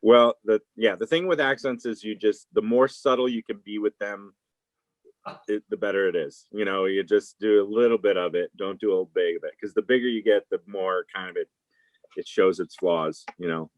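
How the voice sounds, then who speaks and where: A man with a fairly low voice talks casually as an interview guest. He rambles through his answers with fillers and restarts. The sound is dry and close. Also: steady tone, moderate pace, dry recording, dull audio.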